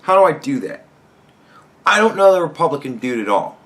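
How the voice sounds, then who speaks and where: Young male podcast host, profane heated rant, slightly higher voice, builds to shouting. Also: very animated, a little fast. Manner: heated, swearing, rising to shouts.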